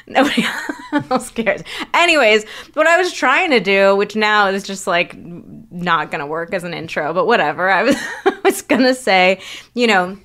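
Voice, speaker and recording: A woman's voice: mid-range voice, lively intonation, a little slow, a bit bright. A woman in her forties, a sex therapist hosting a podcast in casual chat, upbeat and teasing. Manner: laughs often, upbeat and teasing.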